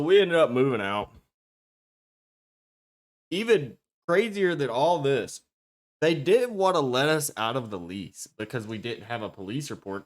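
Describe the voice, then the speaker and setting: A male streamer talking casually to his chat from a home green-screen setup. He rambles and swears freely, in a mid-pitched, everyday voice. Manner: profane, rambling, talks straight to chat.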